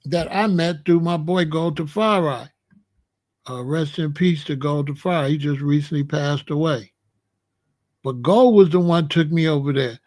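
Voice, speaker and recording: A man from Chicago talks through a story in loose, slangy street talk and puts on the voices of the people in it. His voice sits notably high for a man. The delivery is relaxed and conversational, like a host speaking straight to his audience. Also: normal speed. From Chicago, USA. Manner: animated, slangy, acts out the other people's lines. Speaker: show host. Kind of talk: casual storytelling monologue.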